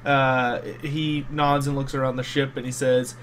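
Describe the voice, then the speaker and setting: A man's voice: mid-range voice, flat delivery, a little slow, fairly bright tone, a little hiss or hum. A man narrating as game master of a tabletop game, talking with frequent ums and uhs. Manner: hesitant, many ums and uhs.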